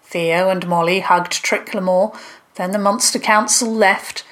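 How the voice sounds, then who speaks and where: A woman narrates a children's story in a calm, clear way. Her pace is slow and deliberate, and her pitch sits in the middle range. It suits a bedtime audio story.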